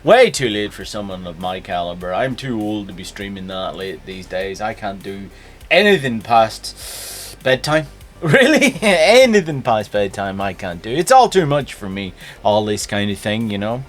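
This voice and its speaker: Northern irish man, streamer host, chatty, animated pitch, greets everyone by name. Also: moderate pace. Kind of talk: casual live-stream chat.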